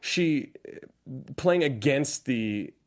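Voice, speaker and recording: A man's voice: medium pitch, drawn-out words. A man co-hosting a casual movie review podcast, laughing often and acting out scenes in goofy voices. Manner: animated, laughs often, acts out lines in silly voices. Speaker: podcast co-host.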